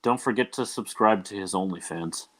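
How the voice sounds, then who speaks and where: A man's voice: fairly low pitch, moderate pace. A young man hosting a casual livestream podcast, talking in a loose, rambling way with many ums and uhs. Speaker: podcast host.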